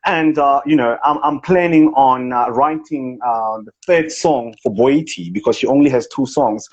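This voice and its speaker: A man with a South African accent doing a comic impression of a boastful, self-important rich businessman on a live video chat, in a husky voice. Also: mid-range voice, normal speed, darkish tone, lightly acted. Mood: pompous. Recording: dull lo-fi live-stream audio.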